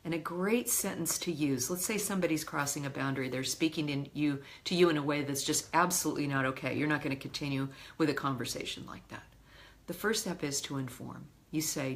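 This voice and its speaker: Low-voiced woman coaching calmly. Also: brisk. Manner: calm, direct, instructive with emphatic quoted examples. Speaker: love coach. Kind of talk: teaching a live coaching session.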